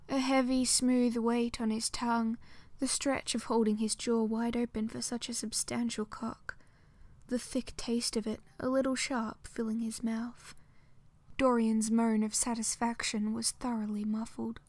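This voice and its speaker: Woman narrator, soft intimate audiobook reading, higher voice, dry close sound. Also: level tone, measured pace, no echo.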